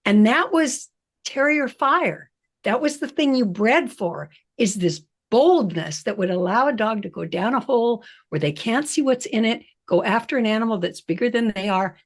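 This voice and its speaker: A woman's voice: medium pitch, animated, normal speed. A woman hosting a podcast interview, explaining a point at length before posing a question. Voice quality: husky. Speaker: podcast host. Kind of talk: casual interview chat.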